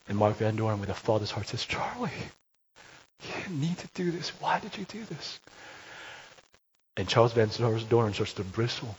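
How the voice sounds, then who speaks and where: A man preaching a sermon, telling a story and rising to loud, emphatic peaks. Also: fairly low pitch. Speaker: pastor. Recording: dull lo-fi recording with faint hiss.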